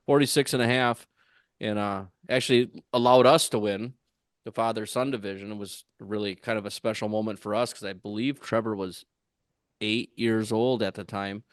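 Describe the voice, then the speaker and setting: A man with a lowish voice tells a long story in a loose, rambling way, circling back with fillers and restarts. He is recorded dry, with no room sound around him. It sounds like a relaxed podcast chat among fellow tournament anglers. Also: normal speed, no echo. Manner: rambling, full of fillers and restarts, animated when quoting others.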